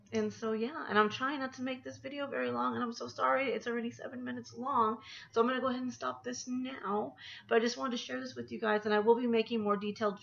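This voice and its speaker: A woman's voice: a little high, creaky. Rambling woman vlogger, lo-fi phone audio. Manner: rambling, talks herself through feelings. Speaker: anxiety coach. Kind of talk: casual personal vlog.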